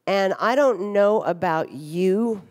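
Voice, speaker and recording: A woman's voice: medium pitch, takes it slowly. Frank, wry woman speaking in a reverberant ballroom. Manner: frank, wry and humorous, with blunt swearing. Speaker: speaker at a recovery conference. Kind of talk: candid personal talk on stage. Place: large hotel ballroom stage.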